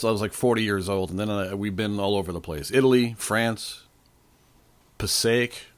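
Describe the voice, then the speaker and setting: A man's voice: on the low side, fairly bright tone. A man, hosting a casual trivia podcast, rambling and joking straight to his listeners. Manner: stops to sip water between questions.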